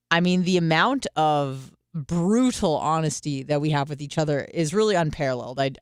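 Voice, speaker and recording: A woman's voice: low voice, clean tone, no echo, studio quality. A woman hosting a radio show, talking in a candid, chatty way and acting out quotes with some profanity. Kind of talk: casual monologue.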